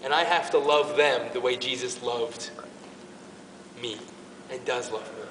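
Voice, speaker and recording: A man's voice: mid-range voice, steady tone, measured pace, far from the mic, noisy background. Earnest man speaking in an echoey hall. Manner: earnest and emotional, with frequent restarts. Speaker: parish youth ministry speaker. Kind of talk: informal faith talk to a youth group.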